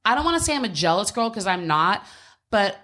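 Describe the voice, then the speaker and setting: Woman podcast co-host, candid and blunt, swears freely, recorded at home, mid-pitched, chatty storyteller. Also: sing-song, fairly quick, pushed and bright. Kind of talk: casual chat.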